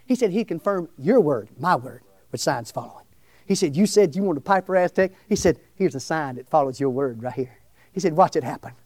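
A middle-aged man, preaching a testimony sermon in a loud, exclamatory way, often shouting. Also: fairly high pitch, lively intonation, brisk, no echo. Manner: shouting, exclamatory, breaks into laughs.

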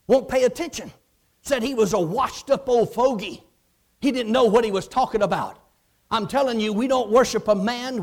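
A man preaching a sermon, swinging from low murmurs to impassioned shouts. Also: creaky.

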